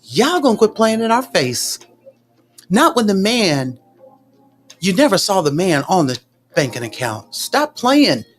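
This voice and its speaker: Sassy, animated woman commenting on a livestream. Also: mid-range voice, unhurried, long pauses, a little hiss or hum. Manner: animated, sassy and indignant, talks back to viewers.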